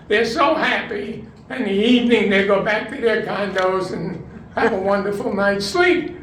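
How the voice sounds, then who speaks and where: An older man doing stand-up at a retirement home talent show, slowly delivering one-liners and chuckling at his own punchlines. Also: high voice, fairly bright tone. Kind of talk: stand-up joke telling. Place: community room of a retirement residence. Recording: echoey room, distant mic, background noise.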